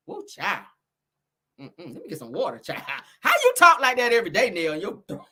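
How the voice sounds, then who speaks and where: A sassy woman dishes gossip straight to her viewers, laughing often and calling them honey and girl. Her voice is husky, and her pitch swoops up and down as she talks. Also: very animated, brisk, sharp tone. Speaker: gossip commentary host. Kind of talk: casual gossip commentary.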